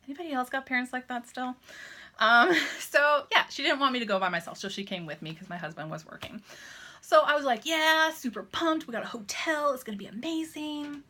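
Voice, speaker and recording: A woman in her thirties from Canada, talking to camera in a casual vlog, chatty and animated, acting out quoted dialogue as she tells a story. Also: medium pitch. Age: 30s. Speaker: vlogger.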